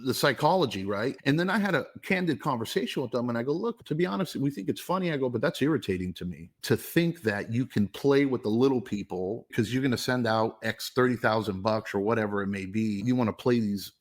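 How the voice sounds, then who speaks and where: A middle-aged man, a podcast host, telling a story in casual chat, animated and cursing freely. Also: medium pitch, a little fast, hardly any pauses.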